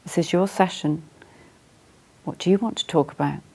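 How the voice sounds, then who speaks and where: Counsellor for a role-play: calm, unhurried, reflective; gravelly, mid-pitched voice. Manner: calm, slow, reflective, gentle questioning.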